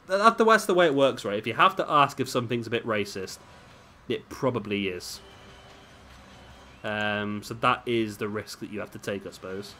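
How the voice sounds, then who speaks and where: A man's voice: medium pitch, brisk, sharp tone. Rambling man commentating a game. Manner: rambling, chatty, self-deprecating asides. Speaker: gameplay commentator. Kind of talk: casual let's-play commentary. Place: at home, drinking beer while recording.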